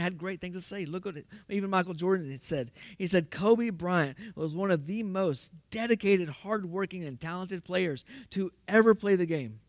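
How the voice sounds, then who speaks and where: A man preaching with a notably high voice. He works through rhetorical questions and breaks into emphatic bursts. The recording is dry, with almost no room sound. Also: no echo. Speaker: pastor. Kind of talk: sermon.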